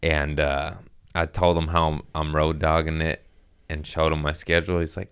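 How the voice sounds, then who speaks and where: A comedian in his thirties tells a loose, rambling story on his own podcast, stopping to laugh and to talk to his cats. His voice sits very low, and it is smooth and clear. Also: steady tone, normal speed, a bit bright. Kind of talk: casual storytelling monologue.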